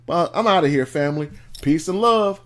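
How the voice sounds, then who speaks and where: A man delivers a motivational talk straight to his viewers, hammering his points with repeated phrases in a preacher-like rhythm. His voice sits a little high for a man and swings widely up and down as he drives each line home. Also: sing-song, normal speed. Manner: emphatic, repetitive preacher-like cadence. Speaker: motivational video host. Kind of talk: motivational monologue to camera.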